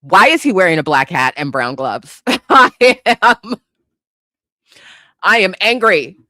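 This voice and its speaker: Lively, bright-voiced woman roasting pop culture. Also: low-pitched, measured pace, dry recording, studio quality. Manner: animated, incredulous, bursts of laughter, profane asides. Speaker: host. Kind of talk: comedic pop-culture commentary.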